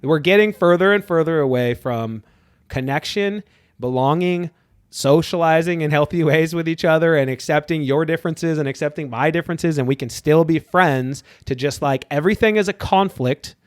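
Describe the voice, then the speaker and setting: Animated man, pitched a bit high. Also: moderate pace, smooth, dry recording, studio quality. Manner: animated, acts out quoted people, swears casually. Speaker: therapist guest. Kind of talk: casual podcast conversation.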